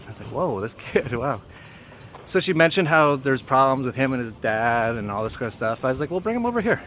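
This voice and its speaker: A man casually telling a personal story, emotional and halting, often laughing softly and filling pauses with "like" and "uh.". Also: medium pitch, slight background noise. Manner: emotional and halting, laughs softly between phrases, many fillers. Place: home in Mexico.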